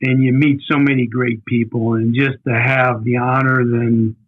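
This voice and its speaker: A man's voice: medium pitch, level tone, moderate pace, husky. Older man telling stories over a tinny phone line. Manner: rambling, repeats words while recalling. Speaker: guest coach. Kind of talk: conversational storytelling. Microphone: phone call.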